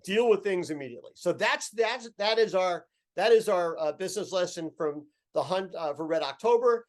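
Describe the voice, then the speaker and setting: A man's voice: sits high, lively intonation, moderate pace. A man co-hosting a casual chat, explaining points with emphatic runs of parallel phrases. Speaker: co-host.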